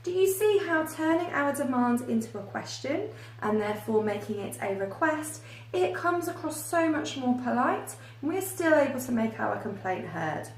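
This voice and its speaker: A woman with a high voice gives an English lesson, saying each example phrase slowly and clearly. She sounds a little distant from the microphone, in a room with a noticeable echo. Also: very animated, slight background noise. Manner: slow, careful modeling of example phrases. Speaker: English teacher. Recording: echoey room, voice a little far from the mic.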